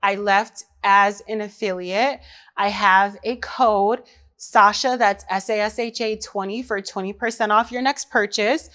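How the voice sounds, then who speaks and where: A woman, a mother, hosting her own podcast in casual chat, talking lively and straight to the women listening. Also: mid-range voice, a little slow. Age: adult mother. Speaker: podcast host.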